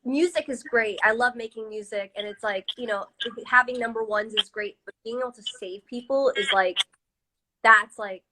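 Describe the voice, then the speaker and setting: A woman's voice: on the high side, normal speed, pushed and bright, poor audio. A woman singer chatting casually in a live-stream interview on a phone, filling her talk with "like" and "you know". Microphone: phone on a live video stream.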